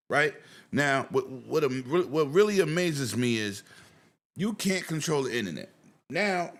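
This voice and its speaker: A man's voice: on the high side, fairly bright tone. A man hosting a casual gaming livestream, ranting with profanity and greeting viewers in chat. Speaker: livestream host.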